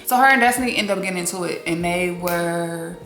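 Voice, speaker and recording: A woman giving a casual, candid recap of a reality TV episode, expressive and quick to swear. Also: lowish voice. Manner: candid, expressive, swears freely, acts out quotes. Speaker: TV recap host. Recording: roomy echo with faint music behind.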